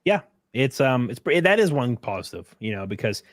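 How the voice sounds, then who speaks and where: Very animated and at a moderate pace, this young livestream host covers politics in a loose, profane style, mocking the material he reads. He acts out quotes with big pitch jumps, and the audio is studio quality with no room sound.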